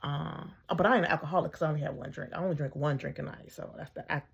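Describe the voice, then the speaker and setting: A woman's voice: deep voice, fairly even intonation, rapid-fire, creaky, husky. A middle-aged woman, a mother, telling her own story in a casual, conversational way, full of ums and acting out her own thoughts.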